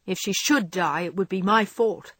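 A woman's voice: normal speed, breathy edge, no echo, lightly acted. A woman voicing a remorseful, hot-tempered teenage girl who pleads through tears, in an audiobook reading. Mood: desperate, tearful. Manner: pleading, tearful, breaking out high.

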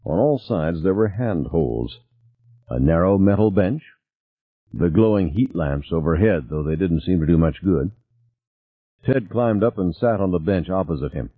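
Deep husky male audiobook narrator. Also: normal speed, no echo. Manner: varied, expressive reading. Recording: tinny phone-like dry sound.

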